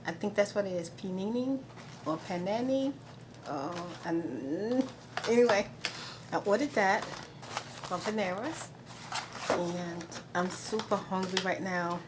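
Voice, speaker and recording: A woman's voice: fairly low pitch, slow. A middle-aged woman hosting her own video blog in a chatty, rambling way, with exasperated asides. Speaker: vlogger host. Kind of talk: casual chat. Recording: noticeable background noise.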